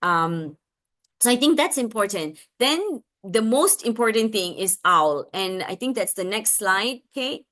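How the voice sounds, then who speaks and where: A woman's voice: mid-range voice, unhurried. A woman speech therapist giving a parenting webinar talk, chatty, with many fillers and restarts. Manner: acts out lively sing-song examples.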